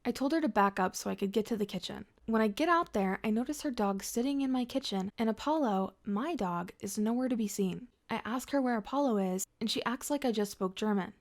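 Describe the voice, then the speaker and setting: A woman reading first-person drama stories aloud in a steady scripted narration. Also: on the high side, moderate pace.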